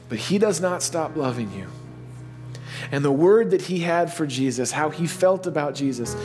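A man preaching a sermon. He tells a story casually, then slows into hushed, earnest appeals. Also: fairly high pitch. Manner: storytelling, swings between playful baby talk and slow hushed earnestness. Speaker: pastor.

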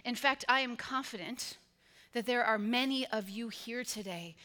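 A woman's voice: on the high side, normal speed, bright, forceful tone. A woman pastor preaching a sermon to her congregation, with an emphatic, repetitive cadence.

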